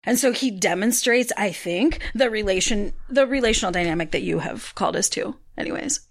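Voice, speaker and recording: A woman reading scripture aloud and discussing it in a thoughtful, measured way. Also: mid-range voice. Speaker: Bible study participant.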